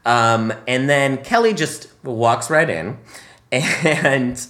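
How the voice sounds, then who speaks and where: A man's voice: mid-range voice, very slow, fairly bright tone, roomy sound. A man co-hosting a casual film review chat, chatty and laughing often, with many ums. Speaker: podcast co-host.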